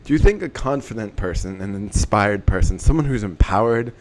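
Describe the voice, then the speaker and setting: A young man talking casually to camera, giving energetic motivational advice and swearing for emphasis. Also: on the low side, brisk. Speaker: self-help vlogger.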